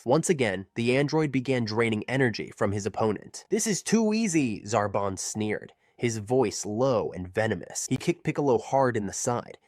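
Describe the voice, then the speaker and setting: A man reading a scripted story narration in a measured, steady way. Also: mid-range voice, dry recording, clean studio sound.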